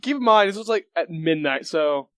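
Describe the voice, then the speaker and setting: A young podcast co-host with a slightly high voice that swings widely in pitch, recorded dry and close. He laughs a lot and backs up his friend with quick remarks. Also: animated, fairly bright tone, dry recording. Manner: laughs often, chimes in with short replies. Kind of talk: casual chat.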